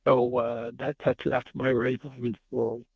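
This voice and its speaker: Husky-voiced man in his eighties. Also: mid-range voice, moderate pace, no echo, lo-fi sound. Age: 80s. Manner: animated storyteller who acts out dialogue. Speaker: guest. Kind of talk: storytelling interview.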